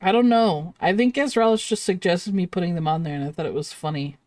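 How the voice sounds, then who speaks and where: A woman's voice: fairly low pitch, fast, darkish tone. Woman streamer drawing and chatting, giggles a lot, dry close sound, no room echo. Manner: giggly, apologetic, chatting with viewers while drawing. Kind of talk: casual livestream chat.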